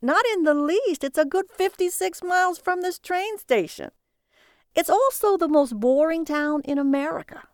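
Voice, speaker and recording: A woman voicing a brash, talkative middle-aged male cab driver who needles his passenger in a loud, sing-song way. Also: extremely high pitch, expressive, normal speed, dry recording, studio quality, pitched above the performer's own voice. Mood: needling.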